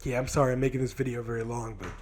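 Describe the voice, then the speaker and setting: A man's voice: medium pitch, flat delivery, racing, a little mellow, faint music behind. A 20-year-old man telling a storytime vlog on a handheld mic in a home studio. He is frustrated and rambles, swearing often and restarting his sentences. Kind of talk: casual storytime monologue. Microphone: handheld microphone.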